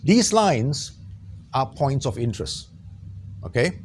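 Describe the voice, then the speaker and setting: A man teaching an on-camera tutorial in a small studio, lively and jokey, checking in with his viewers often. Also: medium pitch, slow pace, a little hiss or hum. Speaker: trainer.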